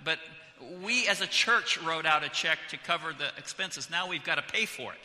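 A man's voice: fairly high pitch, animated, normal speed, sharp tone. A middle-aged pastor from California, making chatty, joking announcements with many restarts before his sermon. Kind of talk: church announcements and sermon opening. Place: church sanctuary. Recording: church hall reverb.

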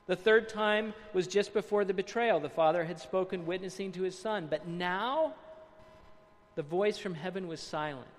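A man preaching a sermon, reading quotes aloud, then explaining them with dramatic pauses and hushed emphasis. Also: high-pitched, big-room sound.

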